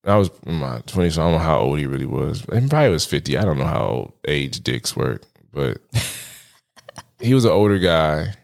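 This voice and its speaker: A man's voice: extremely low pitch, very animated, moderate pace, gravelly. A man in his thirties, a podcast guest, telling a story in casual chat, acting out his own reactions and laughing often. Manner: laughs often while talking.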